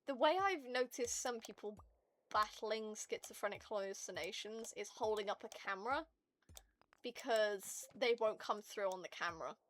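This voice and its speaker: A woman streaming to her viewers in casual chat, ranting in an animated and profane way. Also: mid-range voice, normal speed, slight background noise.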